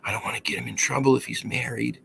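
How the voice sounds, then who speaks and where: A man's voice: medium pitch, flat delivery, creaky, sharp tone, a little hiss or hum. A man doing a flustered young barmaid. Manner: hesitant, halting. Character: young woman bar worker, flustered and unsure.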